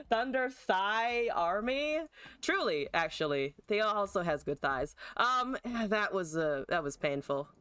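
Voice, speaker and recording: A woman's voice: mid-range voice, sing-song, slow pace, a bit bright, smooth, no room sound. A woman streaming a card game live, talking through her plays, swearing and venting at her opponent with frequent laughs. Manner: salty, profane, exasperated outbursts at opponent; chatty, laughs often.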